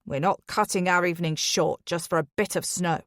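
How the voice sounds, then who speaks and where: A woman's voice: fairly low pitch, fairly even intonation, a little fast, no room sound, studio quality, pitched below the performer's own voice, close to an everyday voice. A woman voicing a rude, stubborn middle-aged man in an audiobook thriller. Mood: dismissive.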